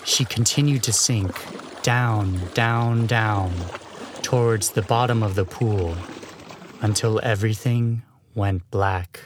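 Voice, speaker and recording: A man narrates a dark short story at an unhurried pace. His voice sits low, and he lets phrases hang with measured, dramatic pauses. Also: steady tone, noisy background. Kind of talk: scripted horror story narration.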